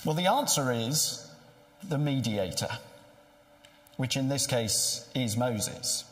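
A man's voice: medium pitch, expressive, slow pace. A man preaching a sermon in a conversational way, asking rhetorical questions. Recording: echoey hall with long reverb.

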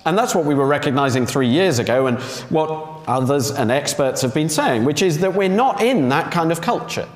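Male preacher, emphatic sermon delivery with rhetorical questions, voice bright and lively, echoey hall sound. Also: a little high, normal speed, hardly any pauses. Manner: emphatic, repeats key phrases and asks rhetorical questions. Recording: echoey hall with long reverb.

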